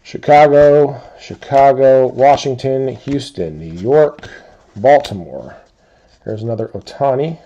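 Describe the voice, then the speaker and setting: A man's voice: mid-range voice, slightly rough, lo-fi sound. A man hosting a card break, steadily reading out team names and players one after another. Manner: steady rapid-fire listing of teams and players. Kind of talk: calling out cards in a box break.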